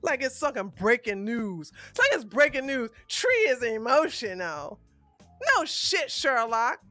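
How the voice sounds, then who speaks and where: A woman giving blunt, profane livestream commentary in a casual, animated way, close to the mic. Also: fairly high pitch, measured pace, no room sound, soft background music. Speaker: commentary streamer.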